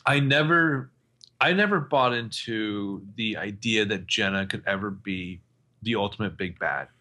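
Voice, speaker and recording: A man co-hosting a podcast, casually recapping a TV episode and acting out the characters' lines in a lively, storytelling way. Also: lowish voice, measured pace. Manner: animated storyteller, acts out quotes, swears casually. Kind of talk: casual chat.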